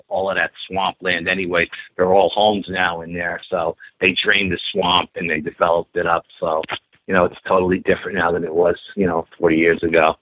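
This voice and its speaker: A man excitedly retelling a story from his youth, acting out what people said and repeating himself. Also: sits low, no room sound. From New York. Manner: animated, repeats himself, acts out quotes. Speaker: guest telling an encounter story. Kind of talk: phone-in storytelling. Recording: tinny phone line.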